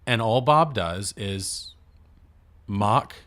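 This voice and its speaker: A man's voice: fairly low pitch, expressive, drawn-out words, fairly bright tone. A man co-hosting a podcast, talking through a film in a rambling, casual way with the odd curse. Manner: rambling, conversational, profane asides. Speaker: podcast co-host.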